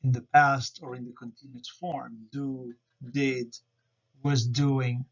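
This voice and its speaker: Slow, careful man explaining grammar. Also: mid-range voice, little pitch movement. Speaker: student presenter. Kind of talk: explaining grammar over slides. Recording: dull lo-fi recording.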